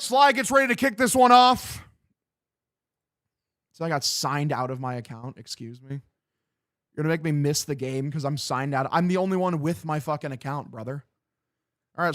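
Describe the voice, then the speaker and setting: A man's voice: fairly high pitch, dry recording, studio quality. A young man hosting a casual live game-watch stream. He swears a lot, sounds frustrated and talks to his chat as "boys". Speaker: livestream host.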